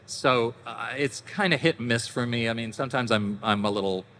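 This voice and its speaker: A middle-aged man from Canada speaks as a convention panel guest. His voice is bright and forceful, and he tells anecdotes with laughter and little acted-out voices. Long hall reverb and a faint hiss sit around him. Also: mid-range voice, brisk. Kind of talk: casual storytelling to an audience.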